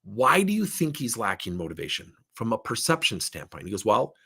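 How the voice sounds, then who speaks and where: A man's voice: fairly low pitch, a little fast, creaky, breathy edge. A middle-aged man, a leadership coach giving a workshop talk, telling stories and acting out both sides of the dialogue. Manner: animated storytelling, acting out dialogue.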